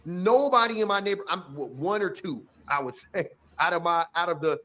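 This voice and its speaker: A man giving casual, blunt reaction commentary on a clip, profane and animated, stumbling and restarting often. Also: high-pitched, brisk.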